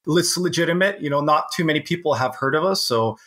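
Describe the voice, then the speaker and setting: A man's voice: fairly high pitch, animated, fast, bright, forceful tone, a little hiss or hum. A man from Canada, a company founder, speaking as a podcast guest in an easygoing way with some restarts. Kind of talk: casual podcast interview.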